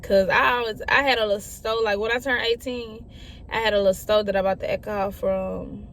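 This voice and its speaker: A woman's voice: mid-range voice, fairly even intonation, fairly quick, fairly bright tone, slight background noise. A young woman telling a personal story in a casual, chatty way, often repeating herself and talking straight to her listeners. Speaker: storyteller vlogger.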